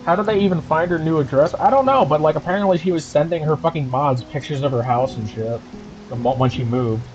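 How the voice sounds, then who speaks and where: A man's voice: a little high, steady tone, fairly quick, darkish tone, muffled recording, soft background music. Angry profane man ranting on stream.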